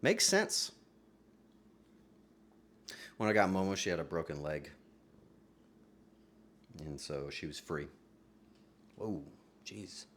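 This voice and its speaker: A man streaming live from his home setup, rambling casually with sudden loud outbursts and soft asides. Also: rumbling low, measured pace, pauses often, a little hiss or hum.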